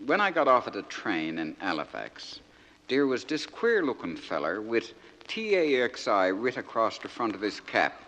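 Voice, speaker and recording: A man's voice: fairly low pitch, sing-song, normal speed, a bit bright, long reverb tail, poor audio. A man doing a naive Newfoundland soldier boy. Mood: folksy. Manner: folksy dialect storytelling with punchlines. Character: naive young male soldier from an outport, innocent. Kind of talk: comic monologue.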